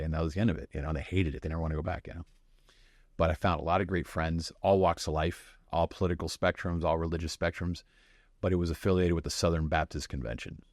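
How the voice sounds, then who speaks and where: Deep-voiced man telling lively stories. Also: no echo, clean studio sound. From Miami, United States. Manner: animated storyteller who acts out quoted people and laughs often. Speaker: podcast guest. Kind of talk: candid storytelling interview.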